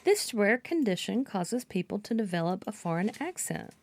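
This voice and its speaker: A woman co-hosting a podcast, reading topic notes aloud in a measured way. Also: mid-range voice, very animated, darkish tone, no echo. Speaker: podcast co-host.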